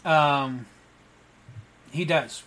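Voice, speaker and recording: A man narrating a tabletop game as game master, halting with frequent fillers. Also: a little high, very noisy.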